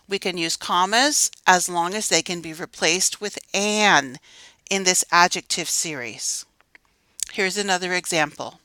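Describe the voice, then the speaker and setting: A woman explaining writing rules to learners, clear and patient, and she reads her example sentences slowly out loud. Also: lowish voice, expressive, no echo, rough recording. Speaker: writing teacher. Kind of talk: instructional explanation.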